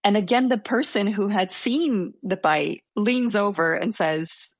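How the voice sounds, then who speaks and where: Young woman guest, gravelly lower voice, close dry sound; hesitant, self-deprecating storyteller. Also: unhurried, no echo. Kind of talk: casual storytelling interview.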